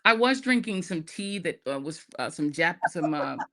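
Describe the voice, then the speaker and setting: A woman's voice: sits low, animated, moderate pace, a crowd in the background. A woman hosting a podcast in casual chat, joking at her own expense and laughing often. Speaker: podcast host.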